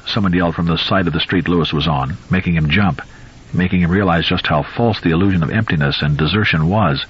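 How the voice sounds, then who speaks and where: A man reads a novel aloud in a measured, suspenseful way. His voice is deep and very husky, and the recording sounds slightly dull and lo-fi. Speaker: audiobook narrator. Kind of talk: scripted novel narration.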